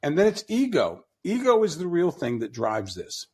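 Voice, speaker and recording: A man's voice: fairly high pitch, huge pitch swings, moderate pace, husky. A man talking bluntly on a podcast, mocking and profane, with frequent restarts. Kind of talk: casual opinionated talk.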